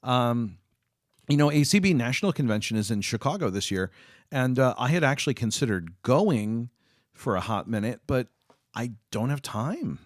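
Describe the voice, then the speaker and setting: A man's voice: mid-range voice, expressive, normal speed, no echo. Guy chatting on a live stream, lots of ums and restarts, dry close mic. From United States. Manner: rambling, chatty, many fillers and restarts. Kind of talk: casual live-stream chat.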